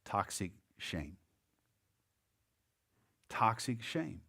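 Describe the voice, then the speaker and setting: A man preaches a sermon in a loose, conversational way, voicing the people in his story as he goes. His voice sits a little high for a man, and he often restarts and repeats words. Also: animated, normal speed. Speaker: pastor.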